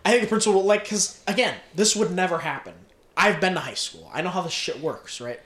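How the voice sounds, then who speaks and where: A young man's high-pitched voice runs a little fast as he casually summarizes a movie, laughing often and swearing without restraint. His storytelling is animated, recorded with a roomy echo.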